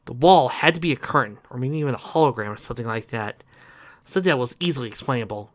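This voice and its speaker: A man's voice: mid-range voice, lively intonation, fast. A man narrating a story dramatically and expressively, adding asides to listeners. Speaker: audiobook reader.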